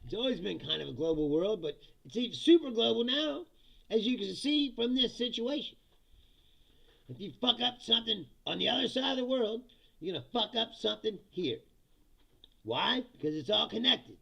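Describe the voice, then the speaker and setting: Gravelly, animated man ranting on a stream. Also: high voice, normal speed. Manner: laughs often, profane, reads chat comments aloud and answers. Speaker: livestream host reading chat. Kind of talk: casual ranting political comedy stream.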